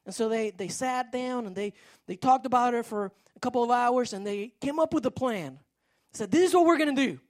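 High-voiced woman preaching a sermon. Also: moderate pace, a little mellow. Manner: rambling, storytelling with many restarts.

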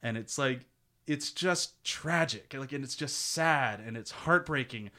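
A man with a bright, forward voice gives a casual spoken pitch of a film. He is laid-back and laughs easily, swears freely and leans on "like" as a filler. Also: a little slow. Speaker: panelist pitching a movie.

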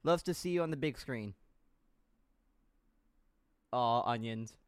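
A man hosting a podcast, reading viewers' chat messages aloud with quick asides. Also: medium pitch, clean tone, dry recording.

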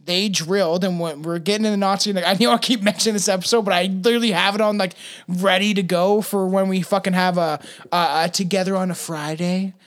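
A man's voice: high voice, fairly even intonation, fairly quick. A young man co-hosting a casual podcast, rambling and crude with frequent laughs. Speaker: podcast co-host.

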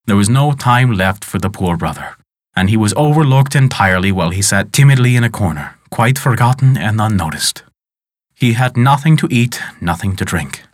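A male storyteller reading an old folk tale with dramatic expression. His voice moves widely in pitch, and the sound is close and dry with no room echo. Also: lively intonation, moderate pace.

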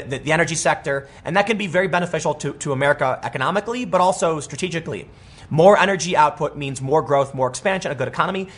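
A man in his thirties giving casual political commentary, animated and rambling, with many restarts and quoted asides. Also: a little high, breathy edge.

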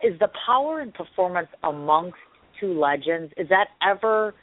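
Radio host asking winding questions, tinny. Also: male voice, sits high, expressive, moderate pace. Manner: long, winding questions with fillers. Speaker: interview host. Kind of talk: radio-style interview. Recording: tinny phone-line sound.

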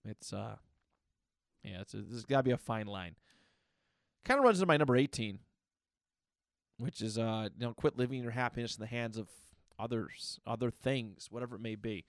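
A man's voice: mid-range voice, moderate pace, gravelly, pauses often, no room sound, clean studio sound. A man hosting a podcast, talking casually and candidly about his own life, rambling with many restarts and fillers. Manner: candid and reflective. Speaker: podcast host. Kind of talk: casual personal monologue.

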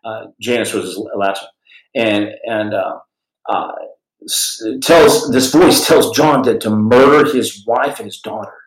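A man's voice: fairly low pitch, a little slow, roomy sound, poor audio. A man hosting a podcast, telling a story dramatically with asides to his listeners. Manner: dramatic, shifting voice for quoted people, frequent restarts and asides to listeners. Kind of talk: animated spoken storytelling.

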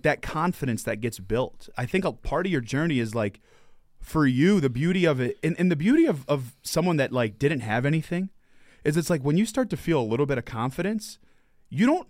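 A man's voice: a little high, darkish tone, no room sound, clean studio sound. A man hosting a podcast in casual conversation, earnest and encouraging, telling stories with quoted dialogue. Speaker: podcast host.

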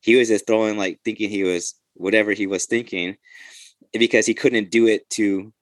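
A man's voice: on the low side, steady tone, normal speed, dry recording. A man, a police officer and podcast host, telling loose, profane stories in casual chat.

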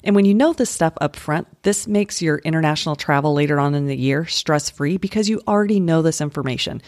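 A woman's voice: sits low, a little fast, darkish tone, dry recording, clean studio sound. A woman co-hosting a travel podcast as a travel agent, giving friendly, upbeat advice in a casual chat.

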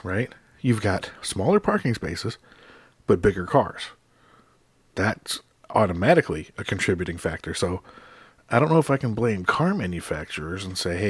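Middle-aged man, from the US, profane exasperated rant, low husky voice. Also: no echo. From United States. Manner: exasperated, profane, emphatic ranting. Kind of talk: profane comedic rant to camera.

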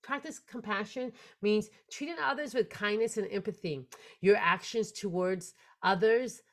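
A young adult woman hosting a spiritual podcast, telling her story in an animated way with big swings in loudness and pace. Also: medium pitch, moderate pace. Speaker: podcast host.

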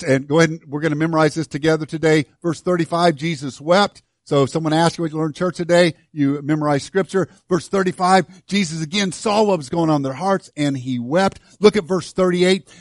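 A man preaching a sermon to his church, swinging from hushed, slow lines to loud, fervent ones. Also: fairly high pitch, dry recording, studio quality. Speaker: pastor.

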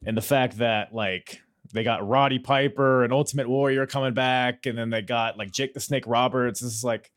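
A man hosting a podcast, chatting casually and joking in a rambling way. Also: moderate pace. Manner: joking, rambling, lively pitch. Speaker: podcast host.

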